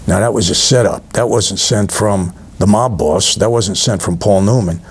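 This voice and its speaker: A man's voice: on the low side, moderate pace, husky. Middle-aged new york guy recapping a movie to his viewers, casual storyteller, talks right to the camera. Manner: conversational storyteller, addresses viewers directly, retells scenes. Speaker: channel host reviewing a film.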